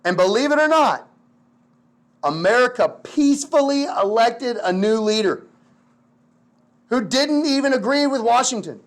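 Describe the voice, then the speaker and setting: A man teaching history in a casual, slangy, animated lecture full of filler words. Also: extremely high pitch, unhurried, pauses often. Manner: slangy, animated, lots of "like" and "dude".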